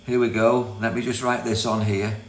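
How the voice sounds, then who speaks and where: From a property in Thailand, an older British host rambles casually through a self-help livestream, laughing often and reading comments from viewers. His fairly low voice barely moves in pitch and keeps a normal speed; the room echoes and mains hum is audible.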